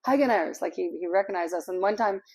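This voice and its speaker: A woman's voice: lowish voice, fairly even intonation, fast, darkish tone. A middle-aged woman from Canada, chatting casually to camera as an expat vlogger, rambling a little and laughing easily.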